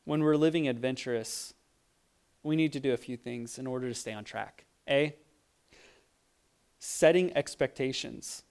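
A man giving a casual sermon, telling lively stories and acting out the voices of people in them, with frequent restarts. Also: mid-range voice, normal speed, vocal fry, pauses often, clear, resonant tone. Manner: animated storytelling, acts out voices, frequent restarts. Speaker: preacher.

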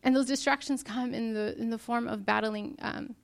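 Young woman preaching at church, earnest and emotional, kinda high voice. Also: steady tone, normal speed, vocal fry. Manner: earnest and emotional, speaking to a congregation. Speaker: speaker at a church service. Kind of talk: sermon.

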